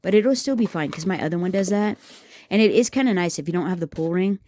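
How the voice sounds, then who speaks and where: A woman's voice: on the low side, animated, fast, mellow. A woman hosting a craft tutorial, chatting and rambling to her viewers as she works, teasing herself along the way. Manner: rambling, talks to viewers as "guys", self-teasing. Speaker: craft video host.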